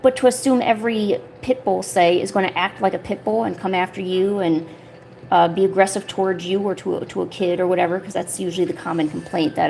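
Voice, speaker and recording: A woman's voice: fairly low pitch, steady tone, brisk, gravelly, a little mellow, soft background music. A woman art streamer chatting casually while she works on a paper craft, rambling along and filling her talk with "you know" and "like".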